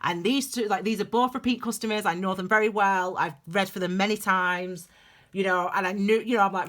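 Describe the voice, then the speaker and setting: A woman giving a tarot reading for her channel, talking in a chatty, digressive and animated way. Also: mid-range voice, normal speed. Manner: calls viewers "my darlings". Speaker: tarot reader. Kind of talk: casual tarot reading vlog.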